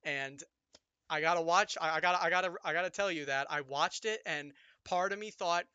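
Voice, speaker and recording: A man hosting a podcast in casual chat, excitable and self-mocking, stumbling over restarts. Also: fairly high pitch, fairly quick, smooth, no room sound. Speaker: podcast host.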